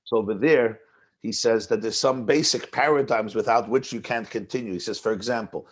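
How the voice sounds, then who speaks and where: Husky low-voiced rabbi teaching a class. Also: male voice, brisk. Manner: conversational, repeats words as he builds a point. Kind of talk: text-based lecture on a Hasidic discourse.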